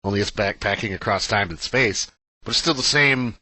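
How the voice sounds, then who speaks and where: A man co-hosts a casual podcast and talks things through in a thoughtful, measured way. His voice is a little low yet bright and forceful, and it sounds dry and close. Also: dry recording. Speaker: podcast co-host. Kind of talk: casual chat.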